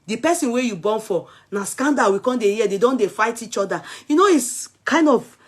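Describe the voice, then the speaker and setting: A woman's voice: on the high side, expressive, brisk, breathy edge. A woman with a Nigerian accent giving casual, emphatic celebrity commentary as a vlogger, switching freely between languages. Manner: chatty and emphatic, switches between English, Yoruba and Pidgin.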